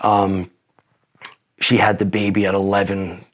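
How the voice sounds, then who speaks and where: A man's voice: sits low, flat delivery, measured pace. A man in his forties, a podcast guest telling personal stories in a rambling, profane way with many restarts. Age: 40s. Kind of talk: casual interview storytelling.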